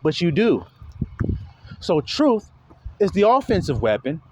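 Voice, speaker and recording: Man, informal preacher, blunt, profane, emphatic, lively intonation. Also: high voice, measured pace, a little hiss or hum.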